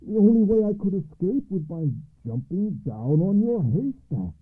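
A man voicing an excitable teller of tall tales who exclaims his lines, on a tinny radio broadcast. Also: medium pitch, a little slow, slightly rough. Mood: excited.

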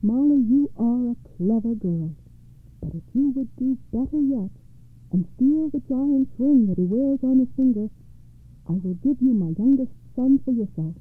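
A woman's voice: on the high side, lively intonation, normal speed, no echo. Brief: scheming storybook king, coaxing, read by a woman, tinny audio. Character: scheming fairy-tale king.

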